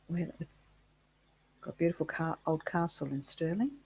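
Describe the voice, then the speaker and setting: A woman co-hosting a casual live chat show, chatty and giggly, thinking out loud. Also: low-pitched, normal speed, breathy edge, low-quality recording.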